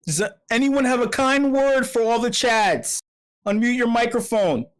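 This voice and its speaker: A man's voice: extremely high pitch, measured pace, smooth. A man hosting an online meetup, rambling through profane comic rants full of restarts and repeated words. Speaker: meetup host. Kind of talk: casual livestream chat.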